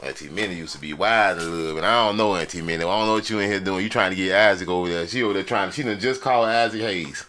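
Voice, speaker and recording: With crowd and noise in the background, a low-voiced man rattles through his record collection quickly, barely pausing. He's loose, slangy, and jokey, speaking directly to his viewers.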